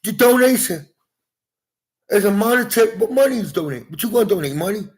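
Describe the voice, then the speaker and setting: A man's voice: sits high, animated, brisk. A man in his forties talking straight to viewers in a rambling, profane monologue from inside his house, jumping from topic to topic.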